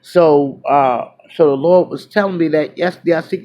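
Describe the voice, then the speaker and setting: A woman vlogger telling a personal story to her viewers, loud one moment and hushed the next, full of fillers and restarts. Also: deep voice, moderate pace, highs cut off. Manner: animated, drifts between loud exclamations and hushed asides; chatty, many fillers and restarts.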